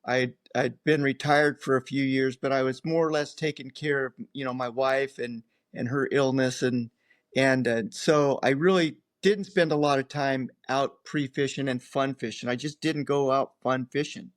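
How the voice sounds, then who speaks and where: A man's voice: mid-range voice, steady tone, normal speed, no echo, clean studio sound. An older man, a guest on an interview show, telling rambling stories and acting out other people's lines. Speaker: guest, professional angler. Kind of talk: casual interview storytelling.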